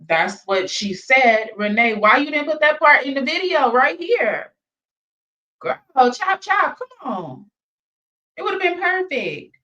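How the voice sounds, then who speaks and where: A woman hosts a casual gossip reaction show, breaking into animated asides addressed to her viewers. Her voice sits a little high. The recording sounds slightly dull and lo-fi. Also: takes it slowly. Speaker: reaction channel host.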